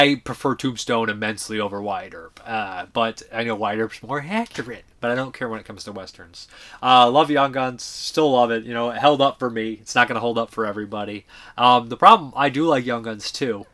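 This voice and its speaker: On his laid-back movie review channel, a host and reviewer speaks in a mid-range voice with a sharp edge. He goes on excitedly, curses without restraint, and lets sentences fade as he searches for the right word.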